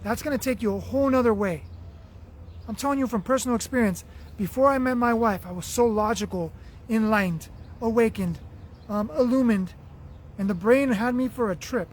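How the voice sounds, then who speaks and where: A man's voice: extremely high pitch, moderate pace, a little hiss or hum. A man hosting a spiritual motivational livestream, talking earnestly and affectionately with repeated phrases while his voice is going. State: losing his voice. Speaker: livestream host reading viewer comments.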